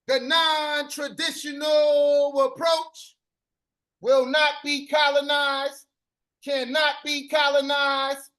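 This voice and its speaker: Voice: sits high, level tone, slow pace, pushed and bright. A live-stream host performing spoken-word poetry in a rhythmic, chanted delivery with repeated refrains.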